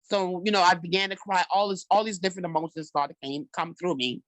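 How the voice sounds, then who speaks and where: A woman's voice: on the low side, steady tone, brisk, no room sound, low-quality recording. A woman guest telling a personal story in a conversational way, with lots of "like" and "you know".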